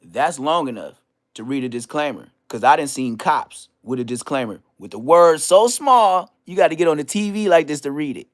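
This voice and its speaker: Speaking fairly quickly in a fairly high voice, a middle-aged man from Inglewood, California, delivers a trash-talking vlog rant. He brags, mocks his critics, and leans heavily on street slang.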